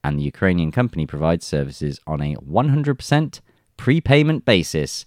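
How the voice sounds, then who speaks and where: A man's voice: low voice, very animated, moderate pace, no room sound, clean studio sound. A man reading news reports aloud and adding wry, chuckling remarks in casual commentary. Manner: reads reports then jokes and chuckles.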